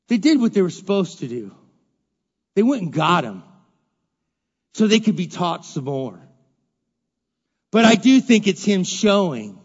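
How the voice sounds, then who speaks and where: A male preacher with a high voice delivers a slow, emphatic sermon. He repeats phrases for weight and swings from loud, urgent lines to hushed ones. The recording is dull and lo-fi, with long reverb from a large hall. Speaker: pastor.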